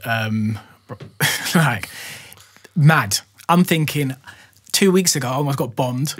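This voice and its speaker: London man, podcast guest, husky voice, slangy, animated storyteller. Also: mid-range voice, takes it slowly. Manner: animated, laughing, slang-heavy, says "bro" often. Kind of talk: casual storytelling.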